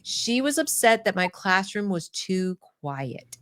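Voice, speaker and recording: An expressive woman host telling a story in a relaxed conversational way. She is animated and laughs easily, voicing the people in her story. Her voice is mid-pitched and sounds dry and close. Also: takes it slowly, no echo. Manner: animated, laughs often, acts out quotes. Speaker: podcast host.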